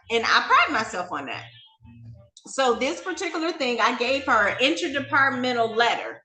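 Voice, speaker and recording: A woman hosts a talk show and tells a story with animated emphasis. Her voice is high and bright. The room is echoey, and faint music plays underneath. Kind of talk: storytelling to an audience.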